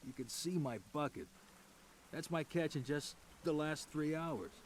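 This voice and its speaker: An actor playing a gruff, sardonic fisherman in a game, with a put-on accent and a folksy manner. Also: on the high side, unhurried, slight background noise, lightly acted. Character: gruff middle-aged male fisherman. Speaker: game character.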